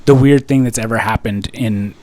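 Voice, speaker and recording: A man's voice: fairly low pitch, moderate pace, darkish tone. A young man from California on a podcast, telling a story in a rambling, profane way full of filler words. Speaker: podcast co-host. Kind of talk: casual podcast chat.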